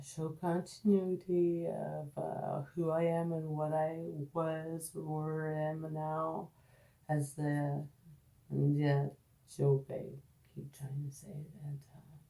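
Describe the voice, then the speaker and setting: A tipsy woman vlogging at home, rambling and swearing, slipping between loud outbursts and low murmurs. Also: echoey room. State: tipsy from drinking. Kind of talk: rambling casual monologue. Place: at home, indoors.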